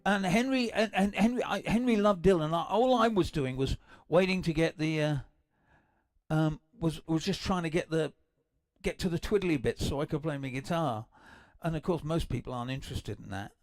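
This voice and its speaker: An older English man hosting a livestream, chatting in a rambling, excitable way with many restarts between songs. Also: on the high side, normal speed, dry recording. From England. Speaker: livestream host and guitarist. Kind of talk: casual chat between songs. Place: home livestream. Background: acoustic guitar.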